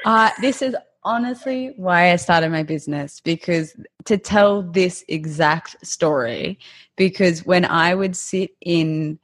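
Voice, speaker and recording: A woman hosting a casual interview, reacting with quick remarks and laughter. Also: lowish voice. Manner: warm reactions, laughs along, short interjections. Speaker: podcast host.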